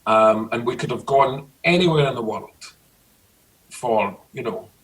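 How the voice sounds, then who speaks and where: A middle-aged Scottish man chatting casually, telling lively stories about his childhood. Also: medium pitch, unhurried, far from the mic, low-quality recording. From Scotland. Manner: storytelling, animated. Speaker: guest. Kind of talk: casual chat.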